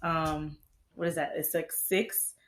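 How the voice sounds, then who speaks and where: A young woman hosting a casual chat, laid-back and slangy, laughing often and talking while high. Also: steady tone, slow pace. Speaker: podcast host.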